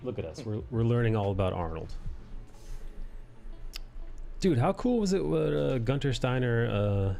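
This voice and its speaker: A man's voice: medium pitch, very animated, moderate pace, gravelly, long pauses, dark tone, slight background noise. A man hosting a casual livestream chat, rambling, swearing freely and laughing often. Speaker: livestream host. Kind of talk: casual chat while drawing.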